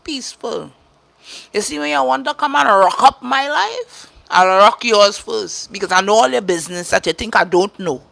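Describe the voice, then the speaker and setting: Blunt Trinidadian woman ranting with gravel. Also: medium pitch, fairly bright tone. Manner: blunt, profane, emphatic, repeats herself. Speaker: caregiver. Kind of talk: casual livestream rant.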